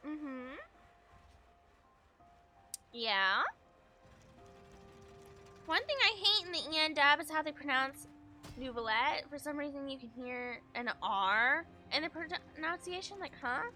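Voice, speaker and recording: A woman's voice: high-pitched, lively intonation, slow pace, pauses often, pushed and bright, faint music behind. A woman streaming a game, reading its text aloud and adding chatty, musing asides in casual commentary.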